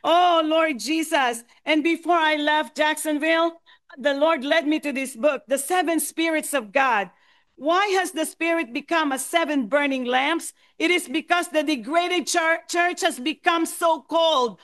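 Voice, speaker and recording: A woman giving a fervent testimony and exhortation at a church meeting, rising to impassioned shouts. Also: high voice, a little slow. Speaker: church member sharing in a meeting.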